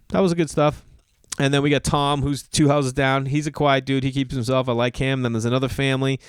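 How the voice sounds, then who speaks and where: A man's voice: mid-range voice, fast, clear, resonant tone, dry recording, clean studio sound. A man in his thirties telling a comic story, acting out other people's voices and swearing freely. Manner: animated, acts out quoted voices, swears. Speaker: comedian host. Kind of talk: storytelling monologue.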